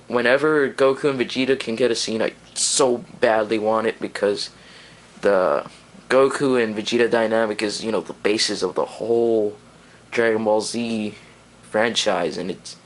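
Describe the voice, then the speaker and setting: A man's voice: fairly low pitch, rough recording. Rambling, enthusiastic young-sounding man. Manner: rambling and enthusiastic, many fillers. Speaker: anime reviewer. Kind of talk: casual video review.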